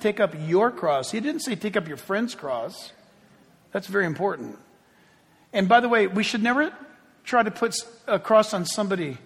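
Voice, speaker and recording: A man with a high voice preaches as pastor to his congregation. He is emphatic, dropping to hushed asides and then swelling into loud, ringing appeals. His voice carries a long reverb from a large hall. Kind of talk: sermon.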